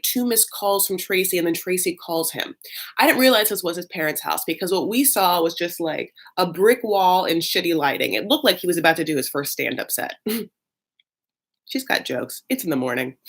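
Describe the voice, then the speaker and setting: A woman's voice: fairly low pitch, animated, normal speed, a bit bright. A woman host recapping a reality show in a casual, comic, gossipy way, full of asides.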